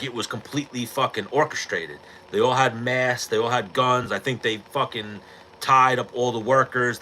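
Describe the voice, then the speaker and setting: A man's voice: medium pitch, bright, forceful tone, slight background noise, low-quality recording. A man hosting a podcast in casual chat, talking bluntly with lots of swearing and rambling asides. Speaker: podcast host.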